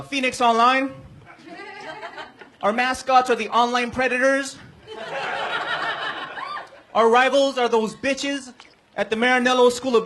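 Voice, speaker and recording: Male stand-up comic, very high pitch, deadpan delivery on a live stage. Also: background noise. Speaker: stand-up comedian. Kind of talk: stand-up set. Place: live comedy venue.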